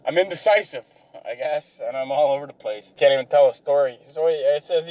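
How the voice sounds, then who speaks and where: A man's voice: mid-range voice, fairly quick, warm tone, poor audio. A tired man telling rambling, profane stories about old jobs, from a car. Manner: profane, rambling, self-deprecating. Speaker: vlogger. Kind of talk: rambling storytelling.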